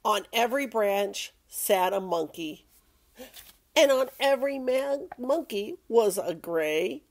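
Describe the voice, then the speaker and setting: Older woman, picture book read-aloud, slow, playful, lively voice, rather high. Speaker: storyteller reading to a child.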